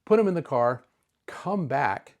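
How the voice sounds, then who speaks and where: A man's voice: fairly high pitch, expressive, unhurried. A man in his fifties, a retro-computer video host, casually telling a personal story to camera in a chatty, easygoing way. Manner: chatty, easygoing, with filler words.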